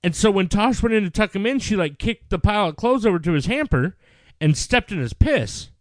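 A man's voice: sits high, a little fast, no room sound, studio quality. A middle-aged man, a podcast co-host, telling stories in casual chat with lots of swearing. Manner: profane, animated storyteller.

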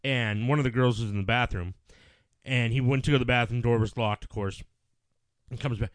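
A man's voice: mid-range voice, brisk, no room sound. A middle-aged man, a podcast co-host, telling stories in casual chat with lots of swearing. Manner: profane, animated storyteller.

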